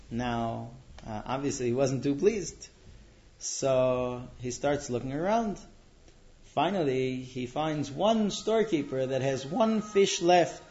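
A man telling a traditional religious tale in a relaxed way, pausing on fillers. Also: on the high side. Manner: relaxed, with frequent fillers and restarts. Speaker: storyteller. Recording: dull lo-fi recording.

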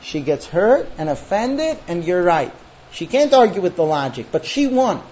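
In a class about marriage, this man tells lively stories, putting on the voices of the husbands and wives he quotes. His voice sits high and moves at a normal speed. Captured on a dull, lo-fi recording with a little background ambience.

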